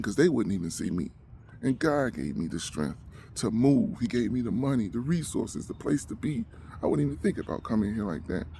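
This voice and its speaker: A man's voice: fairly low pitch, vocal fry, dark tone, a little hiss or hum. A man ranting emotionally to the camera, agitated and short of breath, repeating himself as he talks. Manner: agitated, repetitive, heated. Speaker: vlogger.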